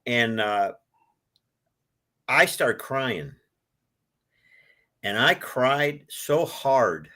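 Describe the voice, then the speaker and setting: A man in his sixties, a book author, telling his life story in an interview, with an animated delivery that swells when he is moved. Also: medium pitch, drawn-out words, long pauses. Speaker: author guest.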